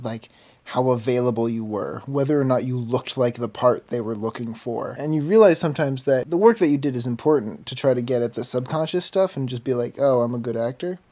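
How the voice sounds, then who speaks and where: A man's voice: mid-range voice, mellow. Thoughtful young man musing aloud. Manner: thoughtful, rambling. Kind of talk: casual vlog monologue.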